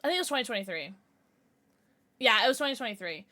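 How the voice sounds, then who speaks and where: A young woman streamer chatting casually on a livestream, rambling and halting with many restarts as she vents her frustration. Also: fairly high pitch, animated, pushed and bright. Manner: frustrated, venting; baby-talk to her dogs.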